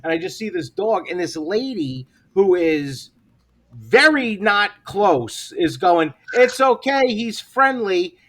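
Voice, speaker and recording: A man co-hosting a comedy podcast, telling stories in casual chat, swearing a lot and getting loud at the punchlines. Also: high-pitched, slow. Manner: animated storyteller, swears a lot, shouts at punchlines. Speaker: podcast co-host.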